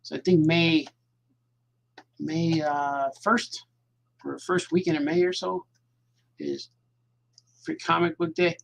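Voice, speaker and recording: A man's voice: on the high side, animated, slow pace, gravelly, long pauses, a bit bright. A man, a cartoonist, chatting casually to his viewers at home at night while he draws, rambling and repeating himself as his thoughts drift. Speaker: cartoonist hosting his own show.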